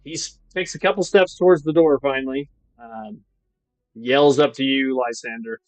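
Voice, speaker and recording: A man's voice: medium pitch, animated, normal speed, vocal fry, no echo, poor audio. Casual male game master, dry sound. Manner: casual, with frequent ums and restarts. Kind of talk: narrating a tabletop game.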